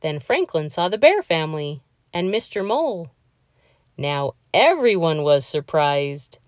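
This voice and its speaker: A woman reading a children's picture book aloud, in a slow, expressive storytelling voice. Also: low-pitched, no room sound, clean studio sound.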